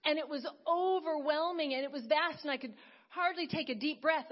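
A woman giving an earnest sermon testimony, swinging from hushed to emphatic. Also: sits high, brisk, lo-fi sound. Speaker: preacher.

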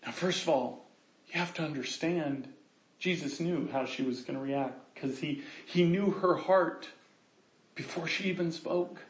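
A man preaching a sermon, earnest, swinging between loud passages and hushed ones. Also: high voice, moderate pace, creaky, echoey room. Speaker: pastor.

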